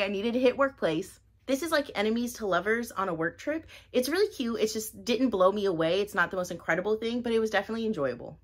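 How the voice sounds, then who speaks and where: A woman doing a casual reading wrap-up vlog, talking in a bubbly, gushing way and repeating words for emphasis. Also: mid-range voice. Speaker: book reviewer.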